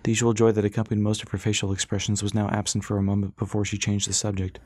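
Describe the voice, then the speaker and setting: A man reading a novel aloud in a low, steady voice, measuring each sentence with calm storytelling pace. The sound is dry and close, with no room around it. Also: racing, few pauses, dry recording. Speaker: narrator. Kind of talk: scripted audiobook narration.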